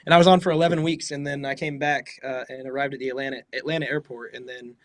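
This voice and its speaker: A man's voice: mid-range voice, fairly even intonation, fast, dry recording. A young man from the American South chatting as a guest, easygoing and often laughing. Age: young adult. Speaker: guest musician. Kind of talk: casual interview chat.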